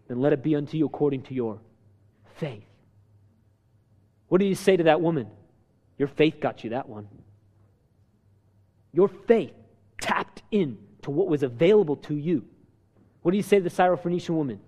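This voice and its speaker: Animated preacher man in a reverberant hall. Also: a little high, a little fast, long pauses. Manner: animated, rhetorical questions, acts out quotes. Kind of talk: sermon.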